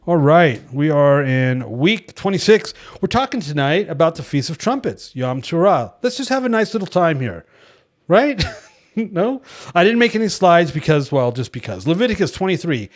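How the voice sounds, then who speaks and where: A man's voice: fairly high pitch, animated, moderate pace. A man from California leading a devotional Bible study in a casual teaching style, telling stories animatedly, acting out quoted voices and adding wry, joking asides.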